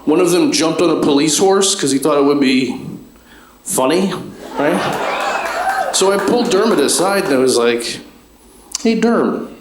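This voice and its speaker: A man works a comedy club stage with a handheld mic, and his voice bounces around a roomy space. He talks at an everyday pitch, spinning family stories in a dry, offhand way and throwing quick questions to the crowd. A faint hum of the room sits under him. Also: expressive. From Chicago. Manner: dry, conversational storytelling with asides to the crowd. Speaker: stand-up comedian. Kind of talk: stand-up comedy set. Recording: roomy live club sound.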